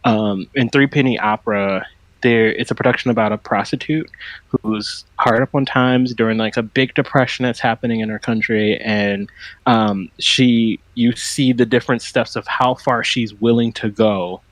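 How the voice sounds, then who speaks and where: Animated man on a dry mic. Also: medium pitch, moderate pace, dry recording, rough recording. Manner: animated, acts out quoted lines. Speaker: podcast co-host. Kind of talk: casual podcast chat.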